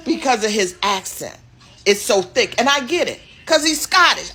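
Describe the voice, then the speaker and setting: A woman in a casual social media clip, talking in an excited, emphatic way. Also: a little high, measured pace, husky.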